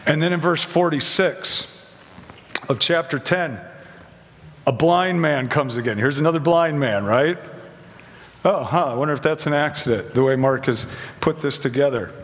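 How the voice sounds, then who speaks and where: A man with a fairly high voice preaching a conversational sermon. He asks questions and slips into quick acted-out lines from his story. His voice rings out in a hall with long reverb. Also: fairly bright tone.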